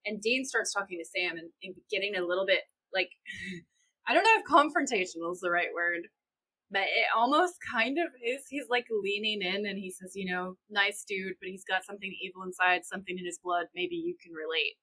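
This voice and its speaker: A young woman co-hosts a podcast, casually recapping and animatedly retelling scenes while quoting the characters in her own voice. She talks a little fast, and her medium-pitched voice is pushed and bright. The recording quality is low.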